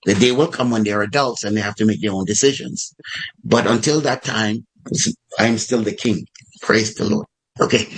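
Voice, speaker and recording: A man preaching a sermon, acting out prayers with a raised voice and lively delivery. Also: mid-range voice, breathy edge, rough recording.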